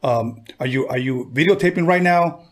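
A man's voice: medium pitch, moderate pace. A man hosting a casual interview, asking hesitant questions and affirming often. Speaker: interviewer host.

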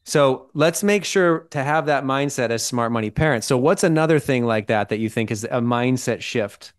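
A man's voice: medium pitch, moderate pace, clear, resonant tone. A man co-hosting a podcast, explaining ideas in casual chat and checking in with "right?" and "okay?". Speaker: podcast co-host.

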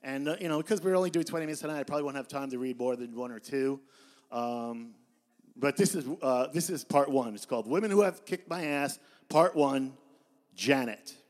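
A man in his fifties giving a live poetry reading in a bar, with deadpan, self-mocking storytelling. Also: mid-range voice, brisk. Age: 50s. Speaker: poet.

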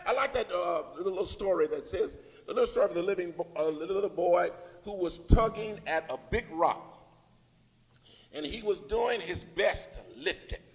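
A man's voice: high voice, normal speed. A man preaching a Sunday morning sermon in a church, with call-and-response phrases and rising emphatic lines. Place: church sanctuary. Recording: long reverb in a church hall.

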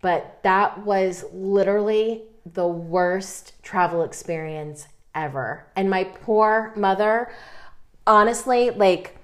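Woman telling a comic story, swearing. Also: on the low side. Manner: animated, swears freely, laughs through the telling. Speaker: podcast co-host.

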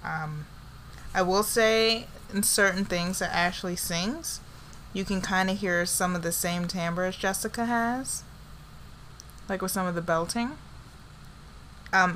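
A woman's voice: fairly low pitch, sharp tone, slight background noise. A woman co-hosting a casual chat, talkative and breaking into bits of song. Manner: chatty, breaks into snippets of song.

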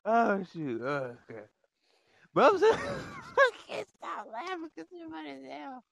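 A man's voice: extremely high pitch, huge pitch swings, measured pace, gravelly, fairly bright tone, no echo. A young man in casual voice chat, talking in slang and laughing through his words. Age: young adult. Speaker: chat room participant.

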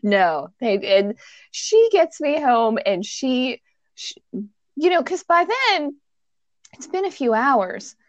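A woman telling a childhood story in casual chat, animated, acting out the people in it with squeaky high voices and laughing at herself. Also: slow, no room sound. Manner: self-mocking, laughs while telling.

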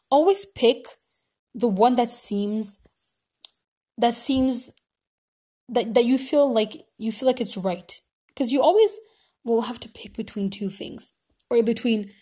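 High-voiced woman rambling advice. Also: a little mellow. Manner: rambling, many restarts and fillers. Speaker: podcast host. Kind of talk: casual advice monologue.

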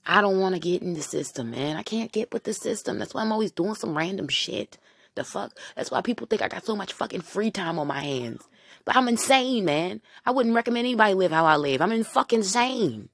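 A woman's voice: medium pitch, animated, a little fast, husky, no echo. A woman hosting a solo podcast, rambling profanely with constant rhetorical questions. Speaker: podcast host.

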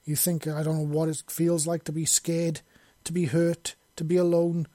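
A man's voice: a little high, little pitch movement, normal speed, mellow, dry recording, voice pushed up, close to an everyday voice. A man voicing an injured young woman who speaks weak and wheezing but still angry in a fantasy audiobook. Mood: bitter.

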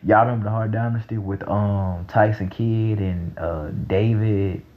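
A young man talking in a casual, rambling monologue, excitable and profane, breaking into loud laughs. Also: on the low side, a little slow, narrow, tinny audio. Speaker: vlogger.

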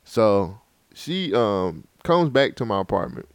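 A man's voice: on the low side, sing-song, slow, no room sound. A man telling a long, profane story in casual chat on a podcast, as a co-host.

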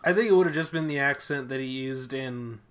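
A man co-hosting a casual podcast chat, opinionated and often trailing off softly. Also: mid-range voice, a little fast, clean tone. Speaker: podcast co-host.

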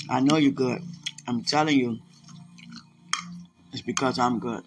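A man hosting a podcast, speaking an emotional spiritual monologue in a halting way, often repeating himself and sighing. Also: mid-range voice, fairly even intonation. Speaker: podcast host.

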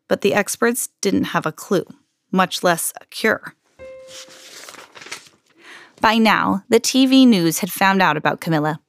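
A woman hosting a podcast, reading a children's picture book aloud in an expressive storytelling manner. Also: medium pitch, measured pace, long pauses, dry recording.

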